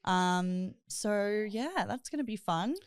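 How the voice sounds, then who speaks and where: A woman's voice: medium pitch, lively intonation, slow, clean tone, no room sound. A young woman hosting a podcast, chatting in a bubbly, giggly storytelling way. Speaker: podcast host. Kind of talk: casual chat.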